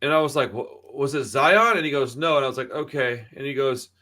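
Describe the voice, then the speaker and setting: With a medium-pitched, sharp voice and a fairly quick pace, a podcast co-host in his thirties tells stories packed with profanity. He chats casually and mimics the people he quotes.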